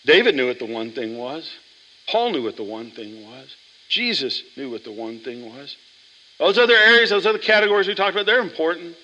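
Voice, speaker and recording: A man pastor preaches to his congregation with a bright, ringing voice a little higher than most men's. He talks in an animated, chatty way and keeps checking in with the room. The sound carries a long church-hall reverb. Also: brisk. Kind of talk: sermon. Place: church sanctuary.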